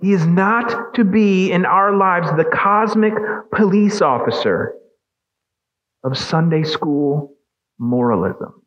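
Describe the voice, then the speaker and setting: A man's voice: sits high, muffled recording. A man preaching a sermon as pastor, emphatic and asking the congregation questions.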